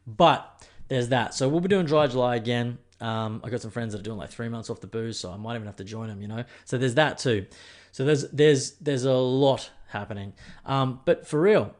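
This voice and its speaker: Swearing Australian podcast host, rambling. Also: male voice, mid-range voice, brisk. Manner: rambling, profane, joking. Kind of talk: casual solo podcast chat.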